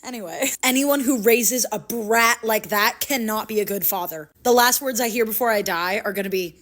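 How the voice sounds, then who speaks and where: A woman giving casual comedic commentary with deadpan, sarcastic asides. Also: a little high, moderate pace. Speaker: comedy content creator.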